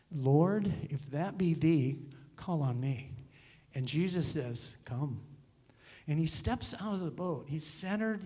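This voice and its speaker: A middle-aged male minister giving a conversational, animated sermon in a church. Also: high-pitched. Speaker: guest minister. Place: church sanctuary.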